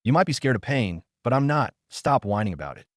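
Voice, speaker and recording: A man voicing a calm, detached young man who speaks in an eerily plain tone. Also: medium pitch, fairly quick, no echo, clean studio sound, close to an everyday voice. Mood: flat.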